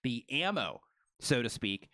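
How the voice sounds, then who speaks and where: A man co-hosting a live stream, rolling along at a fast, energetic clip and packing his talk with "you know" and "right". His voice sits mid-range, and the close mic leaves it dry with almost no room sound. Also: medium pitch, dry recording. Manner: fast, energetic, filler-heavy. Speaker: co-host.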